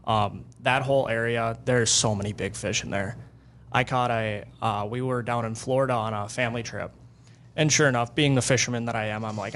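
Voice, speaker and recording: A man tells fishing tales with restless excitement in a casual interview. His voice sits at an everyday middle pitch, and a faint hiss runs underneath. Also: fairly quick. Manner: excitable, animated fishing storyteller. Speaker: guest angler.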